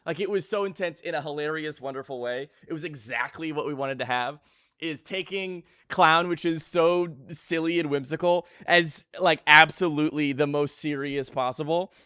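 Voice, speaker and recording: A man's voice: on the high side, moderate pace, smooth, dry recording, studio quality. Upbeat young man chatting on a stream. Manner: energetic and jokey, greets chat by name. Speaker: live streamer. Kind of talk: casual live stream chat.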